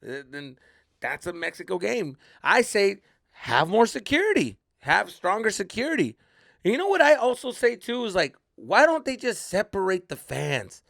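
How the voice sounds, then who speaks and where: A man's voice: normal speed, gravelly, no echo, clean studio sound. A man hosting a comedy podcast, telling a story casually and profanely, with Spanish slang mixed in. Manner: animated, acts out quoted people in high voices.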